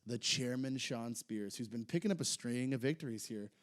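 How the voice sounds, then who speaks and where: A man co-hosting a podcast, chatting casually and a bit hesitantly, getting excited as he talks. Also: medium pitch, moderate pace. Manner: rambling, hesitant, gets excited. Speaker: podcast co-host. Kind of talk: casual chat recapping wrestling.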